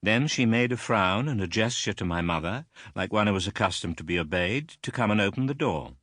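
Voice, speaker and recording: A man reads a classic novel aloud in a low, measured voice. His delivery is expressive, with lively swings in pitch. The recording is close and dry, with no room sound. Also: no room sound. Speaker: audiobook narrator. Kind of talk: scripted narration of a classic novel.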